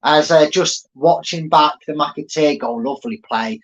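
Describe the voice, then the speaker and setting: A man's voice: on the high side, measured pace, lo-fi sound. A man hosting a fan channel, giving live watchalong commentary in a chatty, rambling way with many fillers and restarts.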